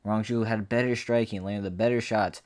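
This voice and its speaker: A man's voice: fairly low pitch, fairly even intonation, brisk, a little mellow. A man giving a casual fight recap rant as an MMA commentator, profane, boastful and rambling.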